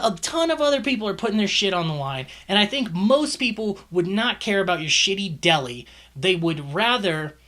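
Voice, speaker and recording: A man's voice: a little high, fairly bright tone. A man giving a casual, profane movie review, exasperated and ranting, swearing often.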